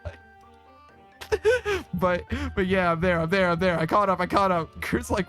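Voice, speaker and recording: A man's voice: sits high, big pitch swings, normal speed, fairly bright tone, faint music behind. Rambling, laughing man streamer. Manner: laughs often, swears freely, rambling with many fillers. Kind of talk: casual live-stream chat reading comments.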